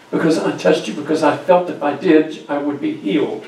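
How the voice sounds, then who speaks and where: A guest speaker gives a storytelling sermon on a Bible story in a very echoey church sanctuary, recorded far from the mic with a little hiss or hum. His voice is on the high side and a little mellow, at a moderate pace with few pauses. He acts out quoted voices and drops almost to a whisper.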